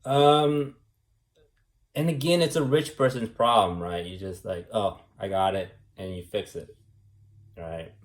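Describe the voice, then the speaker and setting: A man's voice: fairly low pitch, steady tone, measured pace. A man delivering a rambling, preachy monologue, repeating himself and tagging lines with "man" and "right". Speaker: vlogger.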